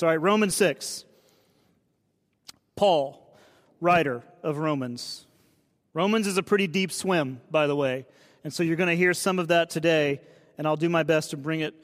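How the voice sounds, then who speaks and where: Storytelling male pastor in a reverberant hall. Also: fairly high pitch. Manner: conversational storytelling, asks the audience questions. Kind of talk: sermon.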